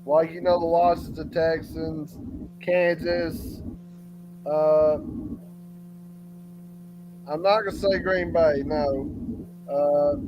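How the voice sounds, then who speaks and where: A male caller on a dull, lo-fi line with a faint hiss behind him. He speaks very slowly in a fairly high voice and stops often with ums as he hunts for names. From Tennessee. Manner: slow, hesitant, lots of ums. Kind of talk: casual sports chat.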